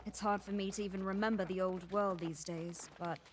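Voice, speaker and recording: A woman voicing a weary guide on a cursed island in video game dialogue, speaking in a calm, rueful, matter-of-fact way. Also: medium pitch, brisk, slight background noise, lightly acted. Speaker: game character guiding the player.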